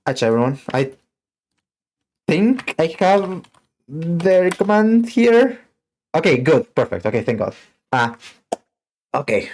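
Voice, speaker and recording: A woman's voice: low-pitched, very animated, slow pace, pauses often, darkish tone, slight background noise. Chatty young woman streaming a game. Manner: chatty, talks to chat. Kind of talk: casual live game stream.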